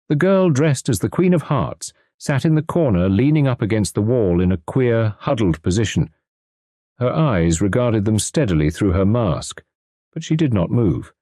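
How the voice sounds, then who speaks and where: Expressive male audiobook narrator, dark tone. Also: lowish voice, dry recording, studio quality. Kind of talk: audiobook narration of a classic mystery.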